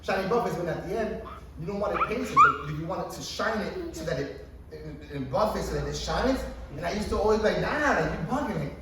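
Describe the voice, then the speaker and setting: A man's voice: high voice, sing-song, a little fast, bright, forceful tone. A man in his thirties doing a stand-up comedy routine at a coffee shop open mic, rambling through his story with lots of fillers and swearing. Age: 30s. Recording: echoey distant room recording with ambient noise.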